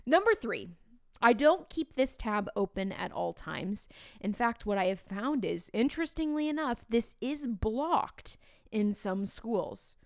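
Woman, thirties, teacher podcast host, chatty and animated, slightly high voice, dry close sound. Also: a little slow, no echo. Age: 30s. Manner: chatty and animated, with playful asides to the listener. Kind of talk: casual podcast talk.

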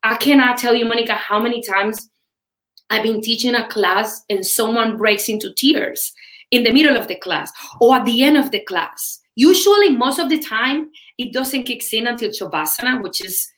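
A woman who teaches yoga, talking as a podcast guest in an expressive, emphatic way and repeating herself for emphasis. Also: a little high, moderate pace, reverberant, low-quality recording. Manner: expressive, emphatic, lots of repetition. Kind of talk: interview guest, casual talk.

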